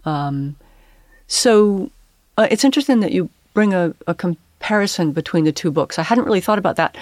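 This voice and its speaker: A woman who is a poet and English professor, speaking as a guest in reflective interview talk, pausing and searching for words in academic phrasing. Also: sits low, darkish tone, no room sound.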